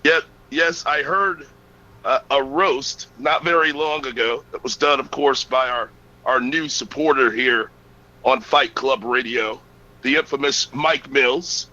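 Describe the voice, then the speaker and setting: A man drawls through his radio banter very slowly, his voice bright and a little raised. The sound is dull and lo-fi. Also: mid-range voice. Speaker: radio co-host. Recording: dull lo-fi audio.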